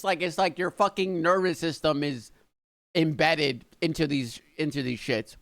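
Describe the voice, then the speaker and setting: An American man hosting a reaction video, casually chatting in an excitable, rambling way with plenty of swearing. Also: a little high, a little slow, gravelly, no room sound, studio quality. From United States.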